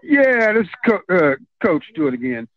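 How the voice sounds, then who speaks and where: A man's voice: sits high, sing-song, normal speed. A male coach calling into a radio show, earnest and emphatic with hesitant fillers. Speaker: caller, coach. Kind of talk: call-in radio talk. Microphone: phone. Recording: tinny phone line.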